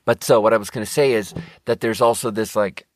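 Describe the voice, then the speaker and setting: A man's voice: on the low side, steady tone, brisk, dry recording, clean studio sound. A man, hosting a podcast in a rambling, profane casual monologue. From Sweden. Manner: rambling, profane, self-correcting. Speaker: podcast host.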